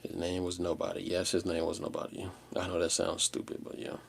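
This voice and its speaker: A man chatting casually on a livestream, rambling in a slangy, laid-back way with animated outbursts. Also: deep voice, fairly quick, vocal fry. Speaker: live streamer.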